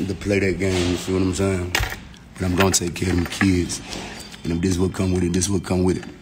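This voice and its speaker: A grown man talking in slangy, repetitive bursts on a live stream from his home, mocking and defiant. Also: sits low. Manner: mocking, slangy, repeats phrases. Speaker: livestreamer. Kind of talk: heated live-stream argument. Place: home indoors. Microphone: phone live stream. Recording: noisy phone live stream.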